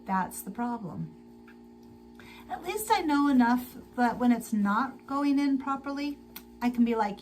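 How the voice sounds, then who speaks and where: A tired woman hosting a casual sewing livestream, chatting slowly to viewers and to herself as she works. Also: on the high side, animated, a little mellow, soft background music, rough recording. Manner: slow, chatty, talks to herself while working. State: tired and sleepy.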